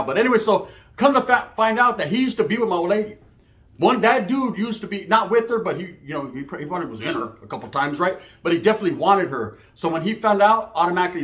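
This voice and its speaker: A man's voice: fairly high pitch, fairly bright tone. A man from Merced, California, telling a story in casual slang-heavy, profane street talk.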